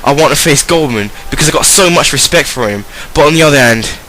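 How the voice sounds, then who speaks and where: A man's voice: a little high, animated, quick pace, pushed and bright, a little hiss or hum. A man doing a cocky English-accented wrestler. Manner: boastful trash talk. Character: cocky male wrestler, title contender.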